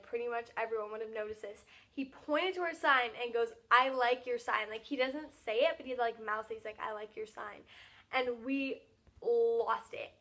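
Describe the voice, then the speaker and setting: Gushing young woman with a bright voice. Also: high voice. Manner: gushing, fast, filler-heavy with lots of "like". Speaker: vlogger. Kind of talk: excited casual recap.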